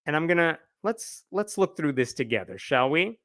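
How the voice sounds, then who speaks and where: A man with a slightly high voice hosts a live news commentary show. He retells the story in a wry, animated way and acts out quotes as he goes. The sound is dry and close, with almost no room echo. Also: moderate pace.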